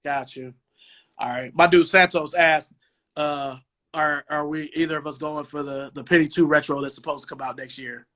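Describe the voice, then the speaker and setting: A man in his forties from Cleveland hosting a casual sneaker talk show over a video call, relaxed and rambling. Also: fairly high pitch, moderate pace. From Cleveland, USA. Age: 40s. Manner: relaxed, rambling, lots of "um" and "you know". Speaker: podcast host. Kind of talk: casual chat. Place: home dining room.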